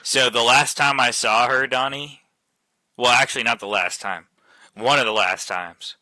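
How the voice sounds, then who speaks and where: A man's voice: medium pitch, normal speed, bright, forceful tone, no echo. A man telling a long story to friends over voice chat, loose and profane, with a lot of "like" fillers, speaking into a headset mic. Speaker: host chatting with friends on voice chat.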